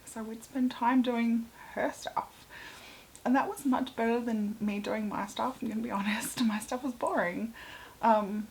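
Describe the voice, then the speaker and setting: A young woman with an Australian accent telling personal stories in a casual, chatty way, full of fillers and often sinking into a soft, breathy half-whisper. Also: a little high, fairly even intonation, measured pace, slight background noise, low-quality recording. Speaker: vlogger.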